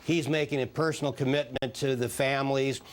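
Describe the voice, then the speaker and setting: A man, a former space agency official, answering questions in a live TV news interview in a measured, hesitant way with frequent fillers. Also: mid-range voice, steady tone.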